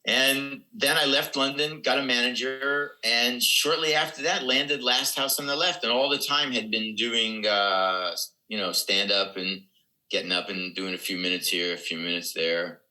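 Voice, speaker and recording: A man's voice: mid-range voice, steady tone, normal speed, sharp tone, poor audio. A man in his seventies, a comedian guest telling rambling anecdotes in casual podcast talk. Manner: rambling anecdotes with quoted dialogue.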